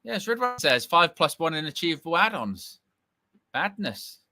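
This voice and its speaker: Young male watch-along host, bright higher voice, excitable and quick to shout. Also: no room sound, studio quality. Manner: excitable, bursts into shouting at big moments. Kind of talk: live football watch-along commentary.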